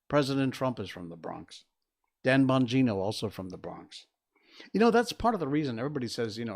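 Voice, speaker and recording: Older guy from connecticut rambling on his stream, lots of ums and restarts, mid-pitched. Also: very animated, moderate pace, vocal fry. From Connecticut, USA. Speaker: livestream host. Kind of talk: casual solo livestream talk. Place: home studio.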